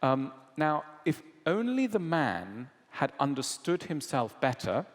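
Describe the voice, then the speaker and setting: A man's voice: on the high side, slow. Brit guy giving a lecture q&a, voice swoops up and down a lot, big echoey hall. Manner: animated storyteller acting out quoted dialogue. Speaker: lecturer answering audience questions. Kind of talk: public lecture Q&A. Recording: long hall reverb.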